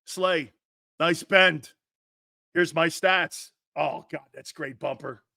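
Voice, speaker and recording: A man doing crude, sarcastic sports talk, mimicking others in jeering voices and laughing often, swinging between loud outbursts and low mutters. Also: slow, vocal fry, no echo, clean studio sound. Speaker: sports commentator.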